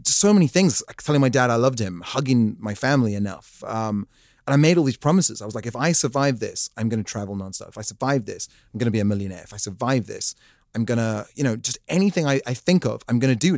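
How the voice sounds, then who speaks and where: A man, a podcast guest telling a comic story in a jokey, animated way. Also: medium pitch, fast, dry recording, clean studio sound. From South Africa. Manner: animated, jokey, acts out voices in his stories. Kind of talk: comic storytelling in casual chat.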